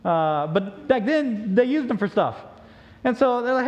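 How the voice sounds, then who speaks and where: High-voiced animated male preacher. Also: a little slow. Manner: animated, joking, storytelling. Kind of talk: sermon. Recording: dull lo-fi recording.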